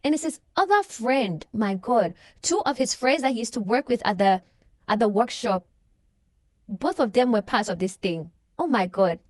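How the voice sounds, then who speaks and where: A woman's voice: a little high, animated, moderate pace, a little mellow, dry recording, clean studio sound. A young woman, casually recapping a movie and acting out the characters' lines. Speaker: movie reaction vlogger.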